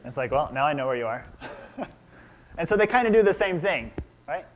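A man in his thirties preaching, his voice sitting a touch higher than most men's. He retells a story in sermon style, stops to ask his listeners questions, and acts out the quoted lines. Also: very animated, quick pace, very noisy.

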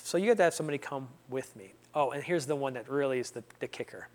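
A young man telling his personal story with lively energy, slipping into quoted dialogue and back. His voice sits a touch high for a man, and he carries the listener through the tale like a conversation. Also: normal speed. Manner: animated, acts out his own and others' lines in dialogue. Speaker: speaker sharing a testimony.

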